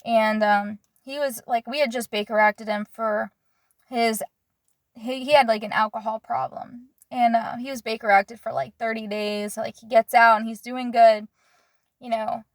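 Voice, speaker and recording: A young woman in earnest, halting confessional storytelling, often pausing to search for her words. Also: on the high side, fairly even intonation, dry recording, clean studio sound.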